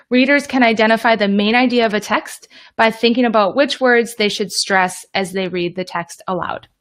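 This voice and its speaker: A woman's voice: mid-range voice, fairly bright tone. A woman explaining reading lessons to teachers in an upbeat, direct teaching talk. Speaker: teacher trainer.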